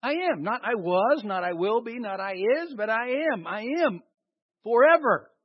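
A man's voice: high voice, moderate pace, husky, no echo. A man preaching a sermon, quizzing his listeners with questions and answering them himself. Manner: animated, asks the congregation questions and answers them. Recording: dull lo-fi recording.

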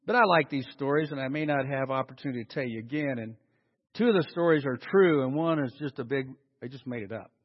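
A man preaching a sermon as a pastor, telling stories and swinging from loud acted-out quotes to hushed, slow emphasis. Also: mid-range voice. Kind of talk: sermon storytelling. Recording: dull sound with long hall reverb.

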